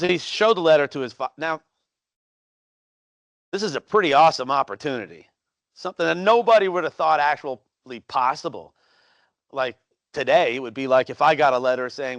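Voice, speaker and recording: A man's voice: mid-range voice, a bit bright, no room sound. Casual male host, history explainer, meandering delivery, dry recording. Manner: rambling, with fillers and restarts. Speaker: educational video host. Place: historic house, on location.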